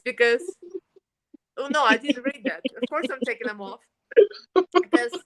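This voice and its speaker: A woman with a high, bright, pushed voice hosts a casual makeup livestream, chatting with viewers, laughing often, and cooing baby talk to her pet. The recording is low quality.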